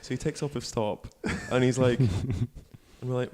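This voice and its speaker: A man's voice: mid-range voice, moderate pace, mellow. A young man co-hosting a podcast, telling stories in a teasing way and laughing often. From British. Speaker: podcast co-host. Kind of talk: casual chat.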